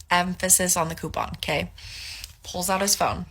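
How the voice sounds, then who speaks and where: Woman with a raspy fry doing storytime, bright tone, all incredulous. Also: fairly low pitch, normal speed. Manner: animated, incredulous, lots of fillers. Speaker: social media storyteller. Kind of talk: dramatic storytime to camera.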